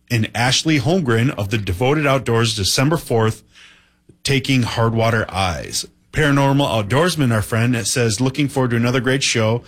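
A man co-hosting a radio show, reading listener messages in a plain steady way. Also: mid-range voice. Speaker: radio co-host. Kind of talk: reading listener shout-outs.

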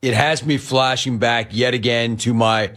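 A man hosting sports talk radio, ranting in an animated way and mimicking other people as he talks. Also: medium pitch, moderate pace. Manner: animated, ranting, quoting others in mock voices.

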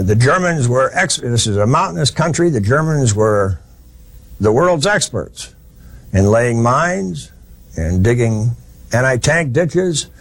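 Guy lecturing on history like he's telling a story, gravelly husky voice, folksy, pitch jumps around a lot. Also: no echo. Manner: folksy, plain-spoken storyteller with frequent restarts.

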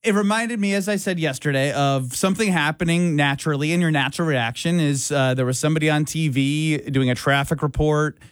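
Radio cohost guy, kinda high voice, dry sound, defending himself. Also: brisk, few pauses, clear, resonant tone, no room sound. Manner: defensive, wry, reads texts aloud. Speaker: radio sports talk cohost. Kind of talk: casual radio banter.

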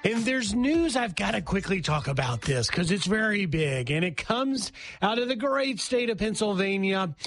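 A man hosting a radio show, talking in a quick, chatty, excited way. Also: sits high, faint music behind. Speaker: radio host. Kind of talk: casual talk radio chat.

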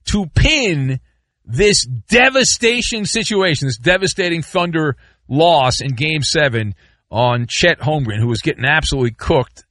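A man's voice: on the high side, unhurried, no room sound, studio quality. A middle-aged man hosting sports talk radio, ranting and joking with mock outrage and rambling asides. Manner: animated, rambling, sarcastic rants with mock outrage.

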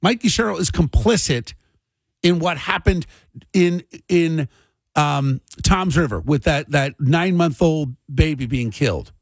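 A man's voice: on the high side, lively intonation, measured pace, slightly rough, dry recording. A man hosting a political commentary monologue, agitated and fired up, ranting with heavy emphasis. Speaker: show host and commentator.

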